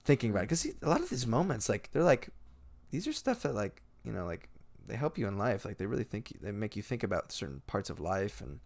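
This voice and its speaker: A man's voice: lowish voice, big pitch swings, fast talker, creaky. A young man hosting a podcast, casually retelling game scenes with lots of fillers and acted-out quotes. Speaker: podcast host. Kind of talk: casual chat.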